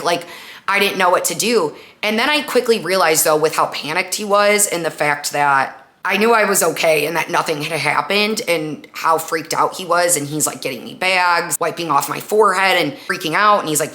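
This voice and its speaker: A woman's voice: lowish voice, normal speed. A young woman hosting a podcast, chatting casually through a personal story with lots of "like" and acted-out quotes. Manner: chatty, animated retelling with frequent "like" and acted-out quotes. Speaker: podcast host.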